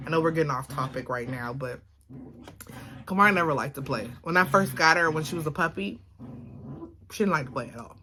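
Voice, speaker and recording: A woman's voice: sits low, animated, fairly quick, long pauses, bright, forceful tone. Woman, Baltimore accent, casual vlog chat, rambling, phone camera, faint noise. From Baltimore, Maryland. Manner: rambling, chatty, lots of fillers. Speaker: vlogger. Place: home, indoors.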